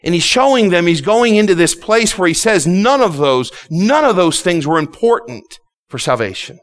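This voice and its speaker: A pastor preaching with fervent, driving repetition, his voice sitting noticeably high for a man. He often stammers and restarts lines as he builds his point, then hammers it home again. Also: very animated, moderate pace. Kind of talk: sermon.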